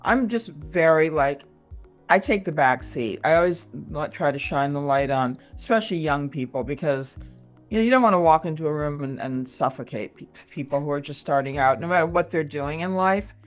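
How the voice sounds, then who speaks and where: A woman in her sixties, from Michigan, talking as a comedian guest in a casual interview, animated and full of quick asides and restarts. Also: deep voice, faint music behind. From Michigan, USA. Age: 60s.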